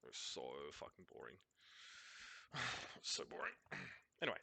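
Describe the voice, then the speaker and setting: Brief: Australian man, blunt ranting host, lively and swinging in pitch. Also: moderate pace, vocal fry, husky. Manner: animated, blunt, swears freely, rants in long runs. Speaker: host reviewing a match broadcast. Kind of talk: casual commentary over a replay.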